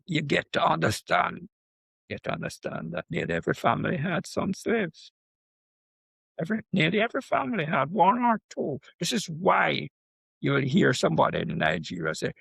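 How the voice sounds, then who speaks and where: An older man from Jamaica, a professor guest, talking in an animated storytelling way with frequent asides. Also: fairly high pitch, creaky, husky, no echo. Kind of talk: conversational interview.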